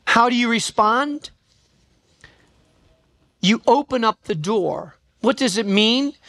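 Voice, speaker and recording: A preacher delivering a sermon emphatically, asking the listeners questions and slowing down for scripture. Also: mid-range voice, expressive, fairly bright tone. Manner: emphatic, asks questions of the congregation; slows right down for quoted scripture.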